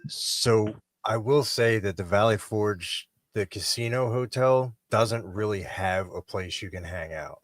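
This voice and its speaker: A man guest on a video call podcast, giving a measured, plain-spoken review. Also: lowish voice, dry recording, studio quality. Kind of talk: casual chat.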